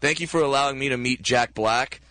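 A man, a comedian guest in a radio studio, telling stories excitedly in casual chat and laughing often. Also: medium pitch, brisk, no room sound.

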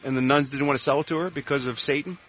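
A man's voice: medium pitch, fairly even intonation, rapid-fire, a bit bright, soft background music. A man with a Philadelphia accent reading showbiz news on a radio show, playful and joking. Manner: playful, punning, laughs at own jokes.

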